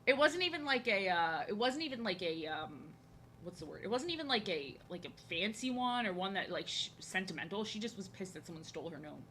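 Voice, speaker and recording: A woman's voice: medium pitch, animated, fairly quick, fairly bright tone, a little hiss or hum. A young woman from New Jersey chatting casually while she draws on a live stream, rambling with lots of fillers and restarts, frank and a bit crude. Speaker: streamer and artist.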